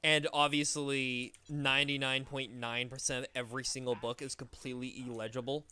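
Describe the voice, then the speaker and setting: Young male streamer, bright and crisp, dry close mic, rambling, profane and animated. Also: mid-range voice, fairly quick, no room sound. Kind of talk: casual gaming chat.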